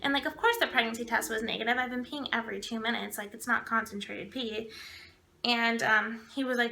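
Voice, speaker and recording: A woman's voice: fairly high pitch, brisk, creaky, sharp tone. A woman in her twenties telling a personal story to camera in a chatty way, full of filler words and acted-out quotes. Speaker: vlogger.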